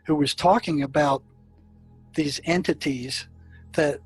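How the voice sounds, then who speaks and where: An older man tells stories from his years as a psychiatrist, his voice a touch higher than most men's. He talks in loose runs full of fillers and restarts. Faint music plays quietly under the recording. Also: steady tone, takes it slowly, breathy edge, rough recording. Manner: anecdotal, many fillers and restarts. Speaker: psychiatrist telling his experiences. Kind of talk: storytelling in an interview.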